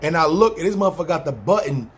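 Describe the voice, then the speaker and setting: This podcast storyteller from New York has a slightly high, animated voice and speaks very fast over a faint hiss or hum. Casual and rambling, he works through a long story in a New York accent, cursing liberally and performing other people's lines.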